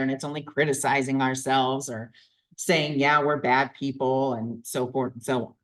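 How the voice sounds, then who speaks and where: A man vlogging a reflective self-help talk, earnest and repetitive as he works through his feelings out loud. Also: medium pitch, poor audio.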